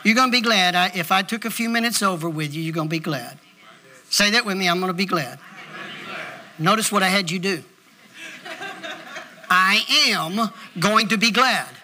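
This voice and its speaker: A man preaches with a very high, piercing voice, pressing his points hard at the congregation. His tone is sharp and bright, and he speaks in the emphatic style of a pastor in the pulpit. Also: brisk. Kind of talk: sermon. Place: church.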